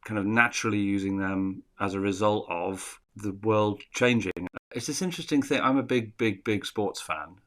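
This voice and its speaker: A man from England, giving a thoughtful, rambling interview answer with restarts. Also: lowish voice. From northern England.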